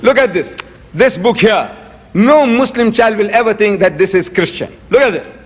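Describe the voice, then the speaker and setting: A man's voice: sits high, normal speed, in a large hall. An older man giving a public lecture, emphatic and given to repeating words.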